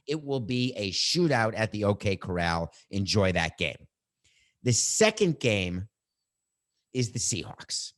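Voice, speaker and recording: Middle-aged guy ranting on his sports podcast, fired up and teasing his producer. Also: on the low side. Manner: animated, combative, bantering with his producer. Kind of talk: opinionated sports talk.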